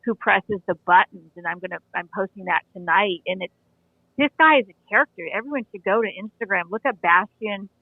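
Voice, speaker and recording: A woman in her forties who works as an animal communicator chats casually in an interview, telling stories and frequently restarting her sentences. Her medium-pitched voice is fairly quick, and the audio is a tinny, dry phone line.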